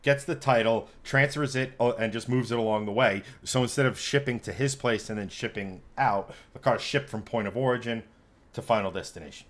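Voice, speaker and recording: A man on a relaxed car podcast, mid-pitched and loose, recounting a frustrating errand. He curses freely and slips into voices for the people he quotes, with plenty of filler and restarts. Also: brisk. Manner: animated, swearing, acts out quoted people. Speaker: podcast host. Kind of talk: casual storytelling chat.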